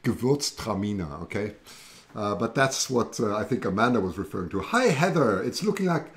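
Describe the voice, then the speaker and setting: A man's voice: medium pitch, expressive, brisk, fairly bright tone. A man with a German accent, hosting a casual livestream, chatting and rambling and reading out viewer comments. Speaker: livestream host.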